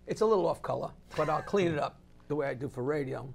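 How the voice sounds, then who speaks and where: An older male comedian spins stories as a talk show guest. His voice is gravelly and swings widely in pitch, with an animated storyteller's drive. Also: fast talker. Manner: animated joke teller with big swings.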